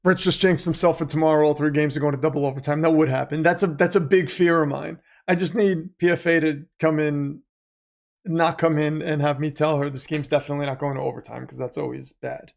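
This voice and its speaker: A middle-aged man hosts a casual livestream, rambling between chat messages, donation shout-outs and quick play-by-play calls. His voice is somewhat high for a man and carries a gravelly, creaky edge. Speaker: livestream host.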